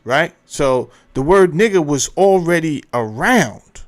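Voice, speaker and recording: Man, somewhat high voice, rambling host, thinks aloud, cuts himself off. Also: lively intonation, slow pace. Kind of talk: casual commentary while browsing clips.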